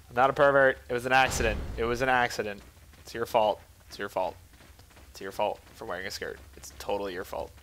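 A man giving goofy, self-mocking commentary while playing a video game, jumping to silly high yelps. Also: moderate pace, fairly bright tone, soft background music. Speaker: let's play gamer. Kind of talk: joking gameplay commentary.

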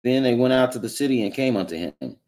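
A man reading Bible verses aloud in a steady, plain way. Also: mid-range voice, fast. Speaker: scripture reader.

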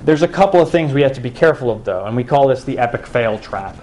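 A man's voice: mid-range voice, lively intonation, quick pace, darkish tone. Young man giving a conversational talk. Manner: conversational, asks the audience questions. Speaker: education researcher giving a talk. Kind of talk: public talk to a live audience.

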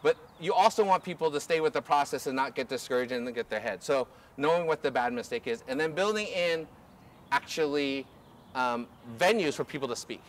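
A man coaching a group through drills outdoors, energetic and instructive, often checking in with "okay?". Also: on the high side, a little fast, slight background noise. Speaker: ultimate coach. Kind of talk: outdoor coaching clinic demonstration. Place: outdoor field.

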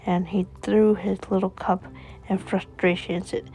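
A woman narrating a homemade family story in an unhurried, plain way. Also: medium pitch, flat delivery, dark tone, poor audio.

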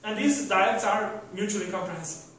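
A man's voice: sits high, lively intonation, fast, fairly bright tone, slight background noise. A man giving a university lecture, rambling with restarts and rhetorical questions to the class. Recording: echoey room from a distant mic.

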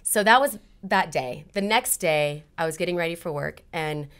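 A woman's voice: lowish voice, normal speed, fairly bright tone, smooth. A woman guest in a casual interview, animatedly telling a personal story and acting out her own past conversations.

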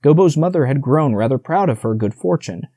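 A man reading a children's classic aloud as an audiobook narrator, with expressive storytelling. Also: a little high, a little fast, dry recording.

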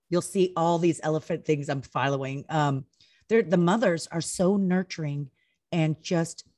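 A woman, a retired wrestler, chatting in an interview, telling stories with acted-out quotes and lots of "like" and "you know". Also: on the low side. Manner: chatty, animated storytelling full of acted-out quotes; heavy use of "like" and "you know". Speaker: retired pro wrestler guest. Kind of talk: casual interview chat.

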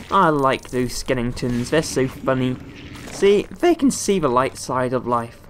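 A young man giving playful, rambling let's-play commentary over a video game, often jumping into squeaky high exclamations. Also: animated, measured pace, slight background noise. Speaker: gaming YouTuber.

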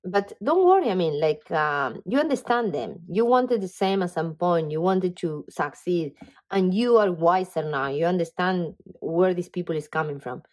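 An enthusiastic woman gives a casual tarot reading to camera, speaking straight to the viewer in an animated way. Her voice is on the low side at a normal speed, with frequent fillers and "okay?" check-ins.

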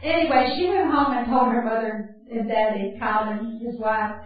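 A woman's voice: fairly high pitch, steady tone, normal speed. Folksy older woman in an echoing hall. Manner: folksy, chatty, laughs at her own stories. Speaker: Bible camp speaker. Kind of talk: teaching talk mixed with personal stories. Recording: very echoey hall, distant and dull.

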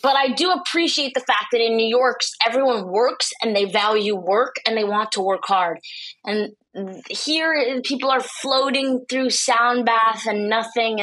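A woman's voice: fairly high pitch, fairly bright tone, rough recording. A woman comedian as a podcast guest, blunt and sardonic, swearing freely in casual chat.

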